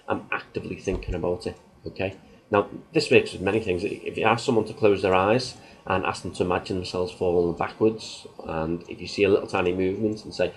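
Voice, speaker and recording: A man's voice: fairly low pitch, brisk, low-quality recording. A man hosting a self-help video, explaining in a loose, casual way with everyday examples. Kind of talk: casual talk to camera.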